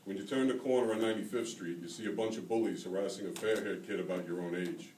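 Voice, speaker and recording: A man reading aloud from his own second-person memoir novel at a graduate reading, in a steady, measured way. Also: low-pitched, slight background noise. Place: reading event hall. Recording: roomy hall, taken from far off.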